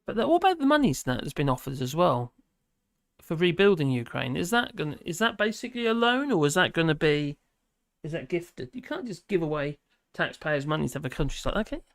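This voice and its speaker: A man's voice: fairly high pitch, very animated, brisk, fairly bright tone, dry recording, studio quality. A man hosting a casual livestream, reading viewer comments aloud and rambling with many fillers and restarts. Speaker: livestream host.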